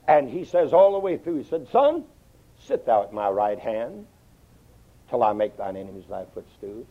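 A man preaching a sermon in an animated way, quoting scripture in old English wording and swinging his pitch widely. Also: normal speed. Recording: dull lo-fi old sermon tape.

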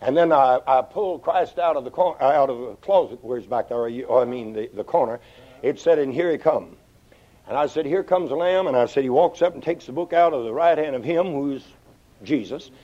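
Preacher man on a dull old tape. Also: brisk. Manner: animated, sweeping pitch swings, quotes scripture in old English. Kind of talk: sermon.

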